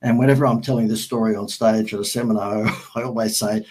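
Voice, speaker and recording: A middle-aged man with an Australian accent spins anecdotes as an interview guest, acting out each exchange. His voice sits fairly low and has a husky, slightly breathy grain. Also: fast, low-quality recording. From Sydney, Australia. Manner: animated storyteller who acts out quoted dialogue and laughs at his own anecdotes. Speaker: guest, marketing agency founder. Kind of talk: storytelling in an interview.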